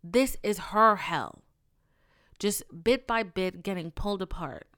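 A woman voicing an older male priest in a hushed, solemn tone while telling a story. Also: medium pitch, lively intonation, slow, no echo, studio quality, full character voice.

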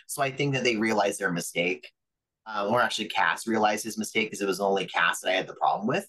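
A man's voice: lowish voice, quick pace, bright, forceful tone, rough recording. A man, a pro wrestler guest, telling stories from his career in a chatty way, full of fillers and acted-out quotes. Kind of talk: casual storytelling interview.

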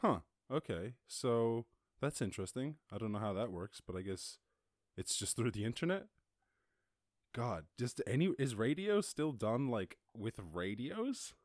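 A man with an Irish accent hosting a casual solo podcast, reacting to news in a jokey, excitable way and swearing freely. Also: mid-range voice, measured pace, no echo, studio quality. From Ireland. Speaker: podcast host.

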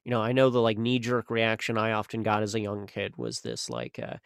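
A man's voice: on the low side, fairly even intonation, fairly quick, vocal fry, clean tone, no room sound, clean studio sound. A young man co-hosting a podcast, talking in a rambling, casual way with lots of fillers and restarts. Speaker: podcast co-host. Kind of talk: casual conversational chat.

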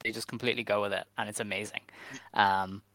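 A man co-hosting a casual podcast, walking through the news in a steady, methodical way with "um" fillers. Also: lowish voice, quick pace, no echo. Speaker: podcast co-host.

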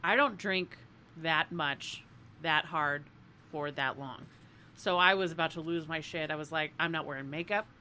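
Bright-voiced laughing woman telling stories. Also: low voice, a little slow, a little hiss or hum. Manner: animated storyteller, laughs often, swears freely. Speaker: podcast co-host. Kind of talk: casual chat.

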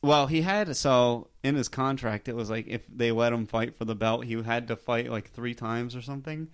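A man's voice: mid-range voice, steady tone, moderate pace, clean tone. A man hosting a casual podcast, rambling enthusiastically and swearing freely. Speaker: podcast host. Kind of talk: casual chat.

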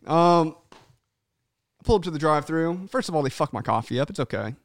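Animated man hosting a podcast. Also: a little high, a little fast, no echo. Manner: animated, swearing, says "man" often; acts out voices of people in his stories. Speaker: podcast co-host. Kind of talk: casual podcast chat.

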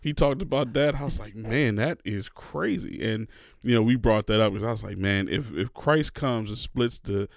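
Gravelly low-voiced man telling stories. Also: normal speed, no echo, clean studio sound. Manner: animated storyteller, acts out quotes. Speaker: podcast host. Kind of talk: casual podcast chat.

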